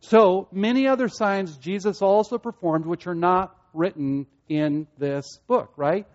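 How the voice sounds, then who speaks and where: A man preaching a sermon earnestly, repeating himself and building to excited peaks. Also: high-pitched, a little slow, lo-fi sound. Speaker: pastor.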